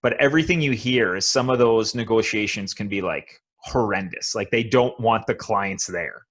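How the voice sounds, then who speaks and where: A man's voice: fairly low pitch, normal speed, fairly bright tone. Male podcast host asking easygoing questions. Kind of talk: casual interview chat.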